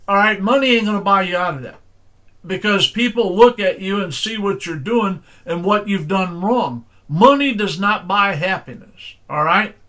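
Older man, pastor, folksy sermon, high voice, bright tone, chatty asides. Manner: folksy storytelling preaching, says "all right?" often.

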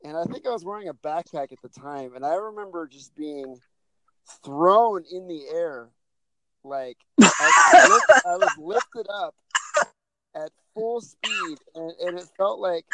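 A man's voice: fairly high pitch, background noise. A man co-hosting a casual podcast, telling a rambling story with restarts and fillers. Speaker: podcast co-host.

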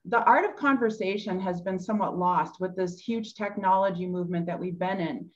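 A woman's voice: fairly low pitch, brisk, lo-fi sound. A woman hosting a webinar interview on a video call, upbeat and encouraging toward her guest. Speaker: host, education manager.

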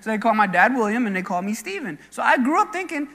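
A man's voice: extremely high pitch, sing-song, fast talker, hardly any pauses, pushed and bright, in a large hall. A man preaching a sermon as pastor, speaking earnestly and conversationally and weaving in personal stories. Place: church sanctuary.

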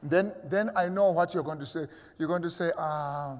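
A man's voice: a little high, moderate pace, big-room sound. A man preaching a sermon as a pastor, emphatic and acting out imagined voices of his listeners. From South Africa.

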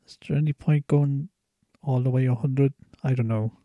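A man's voice: medium pitch, steady tone, moderate pace, no room sound, phone-quality sound. A man rambling casually while testing a cheap dynamic USB microphone at his home computer. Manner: rambling, unscripted, with fillers. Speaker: microphone tester. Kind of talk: casual mic test talk.

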